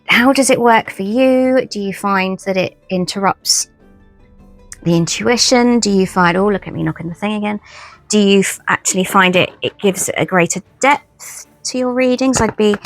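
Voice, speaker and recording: A tarot vlogger chats casually through a haul of her new tarot decks, rambling, restarting sentences again and again, and poking fun at herself. Her voice is medium-pitched, gravelly, and a bit bright.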